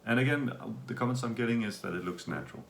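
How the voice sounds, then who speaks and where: A man's voice: medium pitch, fast, vocal fry, roomy sound, slight background noise. A man from Denmark giving a casual, rambling video update to his viewers. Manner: relaxed, rambling, with fillers. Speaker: vlogger.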